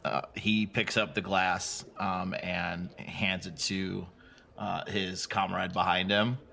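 A man playing a tabletop role-playing game, describing his character calmly and hesitantly with many fillers. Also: deep voice, slow pace, vocal fry, slight background noise. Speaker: player.

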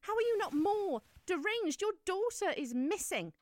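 A woman's voice: very high-pitched, sing-song, normal speed, dry recording. An actress playing a desperate young woman searching for a missing friend, pleading and defiant.

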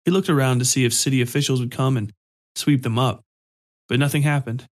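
Male narrator, steady even storybook read. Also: medium pitch, brisk.

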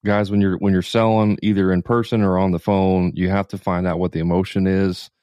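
A man's voice: sits low, little pitch movement, a little fast, darkish tone, no echo, studio quality. A man co-hosting a podcast, giving direct sales advice to listeners in a casual tone. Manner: coaching, direct, talks to listeners. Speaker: podcast co-host, sales coach.

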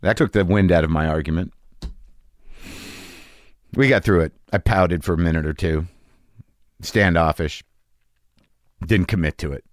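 A late-40s podcast host with a deep voice works from his home studio, the studio-quality audio free of room sound. At a measured pace with long pauses, he spins a rambling, self-deprecating comic monologue before interviewing a guest.

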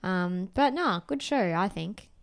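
A woman's voice: medium pitch, expressive, a little slow, vocal fry. A woman co-hosting a casual comedy chat, reading a review aloud with dry emphasis and laughing often. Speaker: podcast co-host reading a review.

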